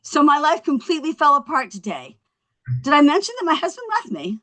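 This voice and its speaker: An actress at a table read playing a tipsy young woman who rambles through stand-up after her husband left, full of quick self-mocking asides. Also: high voice, very animated, bright, forceful tone, heavily acted. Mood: rambling. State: a little drunk.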